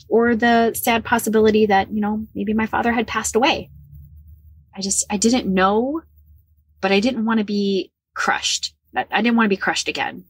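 A woman's voice: medium pitch, steady tone, moderate pace, slightly rough, no room sound. A woman in her forties from the American Midwest, a podcast guest candidly telling her personal story and repeating herself when emotional. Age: 40s.

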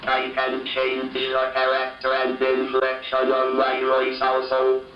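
A male-sounding formant speech synthesizer, a calm, formal demonstration robot with a buzzy monotone synthetic voice, from a cassette tape. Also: mid-range voice, takes it slowly, reverberant. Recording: distant lo-fi cassette tape with faint music.

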